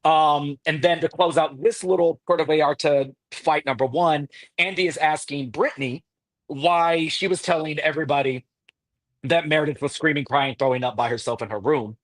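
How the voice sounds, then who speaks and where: Man, podcast host, casual recap chat, animated, laughing, dry close sound. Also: on the high side, normal speed, no room sound.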